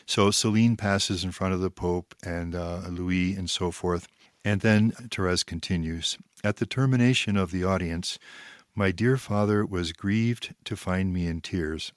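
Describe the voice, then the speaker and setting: A man reading a spiritual text aloud, pausing to comment in a measured, reflective way and stressing key phrases. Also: deep voice, no echo, clean studio sound.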